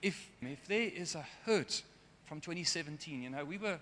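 Guy giving a sermon, bit high and bright voice, earnest, long echo in a big hall. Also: animated, moderate pace, slight background noise. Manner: earnest, gets emotional at times. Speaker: preacher.

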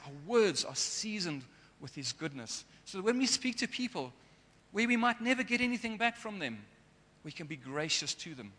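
A man's voice: sits high, very animated, moderate pace, hardly any pauses, bright, forceful tone. A man preaching a sermon in an earnest way, sometimes getting emotional. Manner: earnest, gets emotional at times. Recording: long hall reverb.

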